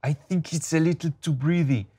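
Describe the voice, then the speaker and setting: A man's voice: a little high, normal speed, background noise. A man co-hosting a casual pop-culture discussion, easygoing with a wry, dry humor. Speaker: co-host.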